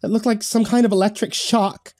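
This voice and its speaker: A bold young woman with a raised, sharp voice, as a man puts her on. She speaks forcefully and quickly takes charge in a horror story reading. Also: high voice, fairly even intonation, pitched above the performer's own voice, lightly acted. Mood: concerned. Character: brave, bossy young woman, quick to fight.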